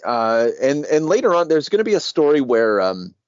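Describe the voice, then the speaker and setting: A man co-hosting a casual podcast about comics, talking in an animated way, laughing often and swearing freely. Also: medium pitch, normal speed, clear, resonant tone, dry recording. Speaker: podcast co-host. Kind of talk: casual comic book discussion. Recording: dry, dull lo-fi sound.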